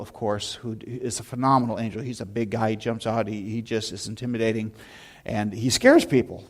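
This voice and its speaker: Pastor, male, mid-range voice, sermon style with relaxed storytelling and lively retold moments. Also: mid-range voice. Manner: storytelling, animated anecdotes with shouted imitations. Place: church sanctuary.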